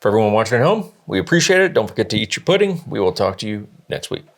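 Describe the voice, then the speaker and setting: Jokey male host with a very lively voice. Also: on the low side. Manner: quick joking interjections. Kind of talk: casual chat.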